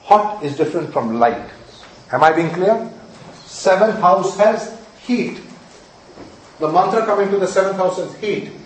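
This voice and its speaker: Recorded far from the mic in a very echoey room with a bit of hiss or hum, a male astrology teacher lectures. His high, animated voice moves at a measured pace with long pauses, and he stresses and repeats key ideas, quizzing students to be sure they're following.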